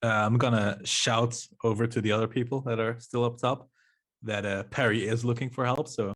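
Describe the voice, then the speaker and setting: Man, tabletop player, mid-pitched voice, short unsure replies. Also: steady tone, normal speed, a bit bright. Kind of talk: tabletop game play.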